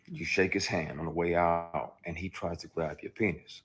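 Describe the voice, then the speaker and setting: A man, an actor, telling a personal story in a candid livestream monologue, emphatic and heated with sudden loud outbursts, speaking into a phone. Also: sits low, fairly even intonation, moderate pace, a little hiss or hum. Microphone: phone on a live stream.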